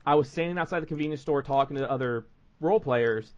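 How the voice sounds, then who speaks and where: A man's voice: medium pitch, quick pace, dull audio. A man hosting a podcast, telling stories in rambling casual chat full of fillers. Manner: rambling storytelling with many fillers. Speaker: podcast host.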